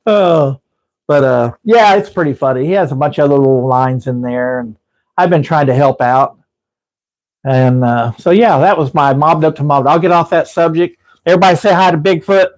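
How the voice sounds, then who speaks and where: A man's voice: fairly high pitch, moderate pace, a little mellow, poor audio. Rambling man on a live stream. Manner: rambling storyteller, frequent restarts. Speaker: livestream host. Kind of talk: casual live-stream chat. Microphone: livestream setup.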